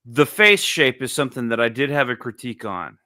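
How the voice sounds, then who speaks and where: A man's voice: medium pitch, very animated, fairly quick, pushed and bright, no echo, clean studio sound. A man co-hosting a casual comic-review chat, laughing often and rambling with restarts. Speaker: podcast co-host reviewing comics.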